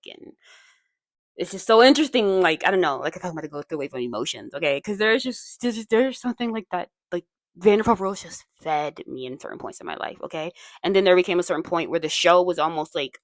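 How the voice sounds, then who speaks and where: Chatty, digressive woman with a low voice. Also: no room sound. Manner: chatty and digressive, many asides. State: voice tiring and strained. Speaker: video essay host. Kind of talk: casual commentary video essay.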